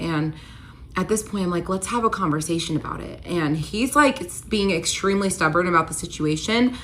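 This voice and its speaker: Lower-voiced woman telling a storytime. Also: fairly quick, a little hiss or hum. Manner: animated retelling, quoting both sides in voices. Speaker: storyteller vlogger. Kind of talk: casual storytime monologue.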